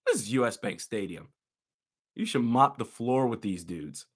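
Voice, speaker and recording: A young man giving live reaction commentary on a football game as a fan, animated and exasperated, with loud outbursts. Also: medium pitch, normal speed, breathy edge.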